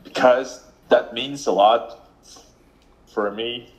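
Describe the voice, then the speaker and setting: A man from Russia with a Russian accent, talking slowly and hesitantly in casual chat, often pausing to search for words. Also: medium pitch, steady tone, rough recording. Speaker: language learner.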